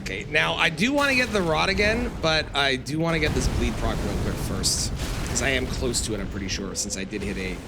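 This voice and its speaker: A man's voice: medium pitch, lively intonation, a little fast, very noisy. A man streaming a game live, talking to his chat and grumbling at the game. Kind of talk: live gameplay commentary.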